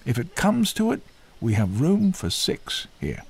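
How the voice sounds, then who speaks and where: A man's voice: mid-range voice, wildly swooping pitch, unhurried, creaky, noisy background, voice pushed up, full character voice. A man voicing a cheerful, kindly male zookeeper in a storybook reading. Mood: cheery. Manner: cheery, reassuring. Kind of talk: storybook voice acting.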